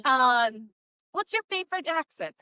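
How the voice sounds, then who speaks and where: A woman's voice: high-pitched, lively intonation, measured pace, bright, forceful tone, smooth, no room sound. A woman co-hosting a book podcast in casual chat, playful and teasing. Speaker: podcast co-host.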